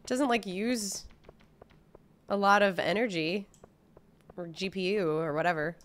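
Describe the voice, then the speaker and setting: A woman's voice: mid-range voice, steady tone, measured pace. A young woman streaming a game, chatting in a bubbly way with her viewers. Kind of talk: casual gameplay livestream.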